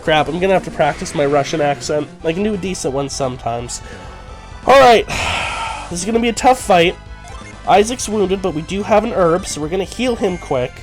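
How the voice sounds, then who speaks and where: A man's voice: high voice, expressive, brisk, faint music behind. A man chatting casually and enthusiastically while streaming a video game.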